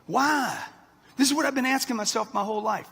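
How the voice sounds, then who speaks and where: A man's voice: extremely high pitch, a little fast, creaky, a bit bright, breathy edge. A man in his sixties giving a brash, punchy motivational talk straight at a live audience. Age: 60s. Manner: brash, punchy, addresses the crowd directly. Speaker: motivational speaker. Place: large event hall with an audience. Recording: long reverb of a big hall.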